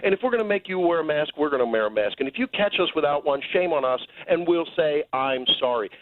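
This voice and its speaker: A man's voice: on the high side, expressive, quick pace, dry recording, narrow, tinny audio. A man appearing as a physician guest on a radio talk show, speaking in an emphatic, indignant way.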